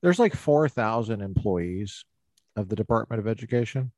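A man's voice: on the low side, animated, normal speed, darkish tone, no room sound. Wry, laughing male podcast host. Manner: wry, laughs often, sarcastic asides. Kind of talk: conversational podcast interview.

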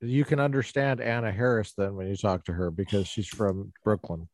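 A man's voice: on the low side, fairly even intonation, moderate pace, no room sound. A man hosting a podcast interview, playful and enthusiastic, teasing his guest. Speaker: podcast host. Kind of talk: casual interview talk.

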